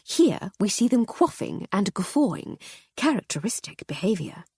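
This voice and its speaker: Dry-witted society lady, voiced by a woman narrator, pitched up, very lively. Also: moderate pace, husky, no room sound, heavily acted. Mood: arch. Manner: arch, drawling, witty. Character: aristocratic English lady, witty and dry.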